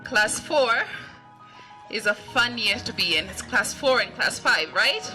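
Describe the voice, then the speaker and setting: A woman's voice: on the high side, lively intonation, measured pace, music in the background, poor audio. A woman giving a coaxing pep talk to schoolchildren, checking in with them often. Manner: coaxing, keeps checking with okay. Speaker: guest speaker.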